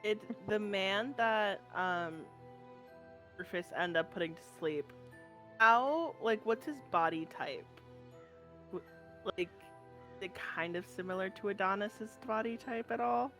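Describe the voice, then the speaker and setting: Tabletop player, hesitant, lots of likes and ums, mid-pitched. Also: measured pace, long pauses, a bit bright, soft background music. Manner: hesitant, many fillers. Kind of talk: tabletop game play.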